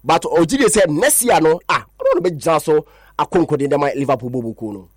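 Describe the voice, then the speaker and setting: A man presenting a radio sports news report in a lively, chatty way. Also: fairly high pitch, moderate pace, slightly rough, no room sound.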